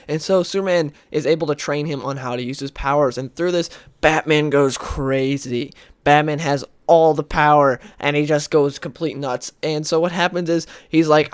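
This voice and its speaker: A man's voice: fairly high pitch, steady tone, moderate pace, hardly any pauses, smooth, no room sound. Man casually recapping comic stories. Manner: rambling, lots of "like" and "uh"; briefly acts out characters' lines. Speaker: comic book video host. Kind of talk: casual spoken story recap.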